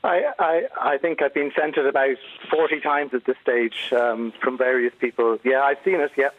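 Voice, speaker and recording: A man who coaches actors in accents, talking relaxed and measured in a radio interview. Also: medium pitch. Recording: phone line.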